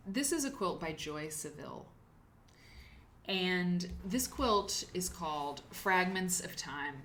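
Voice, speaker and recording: A woman's voice: lowish voice, expressive, slow, fairly bright tone, a little hiss or hum. A woman hosting a live quilting show, chatting casually and rambling while she thanks viewers by name. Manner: chatty, rambling, reads chat names aloud. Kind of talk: casual livestream chat.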